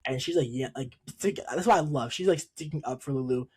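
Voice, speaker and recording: A co-host of a film review show, recapping a movie in casual, animated chat full of fillers. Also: medium pitch, brisk, husky. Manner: animated storytelling with many fillers.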